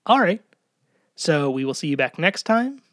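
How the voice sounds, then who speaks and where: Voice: mid-range voice, very animated, moderate pace, a bit bright, no room sound, studio quality. A podcast co-host in casual chat, talking chattily and laughing often.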